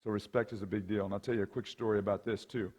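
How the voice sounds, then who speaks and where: Talking rapid-fire in a low voice, a middle-aged man tells stories at a men's conference where he's the guest speaker, a rowing coach by trade. He's animated, acting out figures from his anecdotes, and often checks in with "right?" or "okay?".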